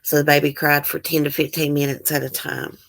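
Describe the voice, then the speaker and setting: A woman's voice: sits low, steady tone, brisk, creaky, a bit bright. A woman hosting casual true-crime commentary, reading news aloud and reacting emotionally and bluntly. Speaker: channel host.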